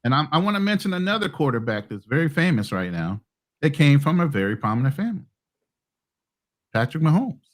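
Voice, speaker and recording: Casting: male podcast co-host, fairly high and very lively pitch, opinionated and emphatic. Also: a little fast. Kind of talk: casual sports talk.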